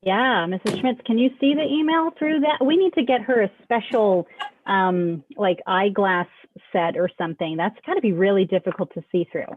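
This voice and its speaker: A woman's voice: medium pitch, expressive, moderate pace, dry recording. Woman chatting over a tinny video call. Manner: friendly, chatty, walks through a website. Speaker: school staff host. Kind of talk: casual school announcement chat. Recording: dry, tinny phone-like call audio.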